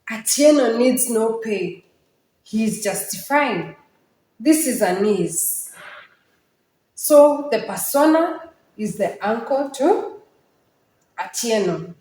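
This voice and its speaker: A woman's voice: fairly high pitch, darkish tone, roomy sound, low-quality recording. A woman teaching a literature lesson on poetry, speaking emphatically and asking her students questions. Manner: emphatic, questioning, slow and deliberate.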